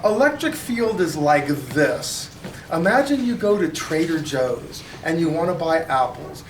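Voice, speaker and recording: A man with a fairly high voice teaching a physics class, animated and jokey. He sounds far from the camera in an echoey classroom, with a faint hum of the room underneath. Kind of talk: classroom lecture. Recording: roomy classroom audio from a distance.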